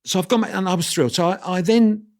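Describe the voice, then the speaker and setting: Animated older storyteller, man. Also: sits high, fast talker. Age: 60s. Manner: animated anecdotes with quoted voices and restarts. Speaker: guest photographer. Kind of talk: storytelling interview.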